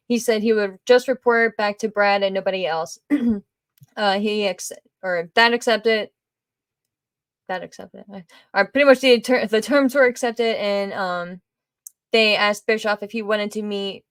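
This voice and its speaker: A woman's voice: mid-range voice, no room sound. A woman hosting a podcast, casually talking through a TV series with sarcastic asides and plenty of fillers. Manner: conversational, sarcastic asides, frequent fillers and swearing. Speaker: podcast host.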